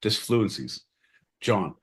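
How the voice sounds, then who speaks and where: A man co-hosting a podcast, joking loudly, interrupting and swearing, with sudden jumps in pitch. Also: lively intonation, takes it slowly, breathy edge. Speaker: podcast co-host. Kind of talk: rowdy comedic banter.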